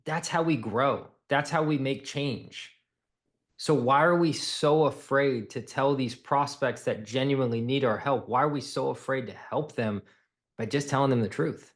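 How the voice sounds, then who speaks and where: A man coaching salespeople, talking bluntly and with emphasis. He hammers points home by repeating them, and his voice sits at an ordinary middle pitch.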